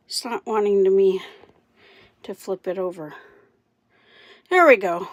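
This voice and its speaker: Chatty woman, slow rambling vlog. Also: mid-range voice, dry recording. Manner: rambling, chatty, talks while doing chores. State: out of breath. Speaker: backyard chicken keeper. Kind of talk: casual vlog. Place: outdoors by chicken coop.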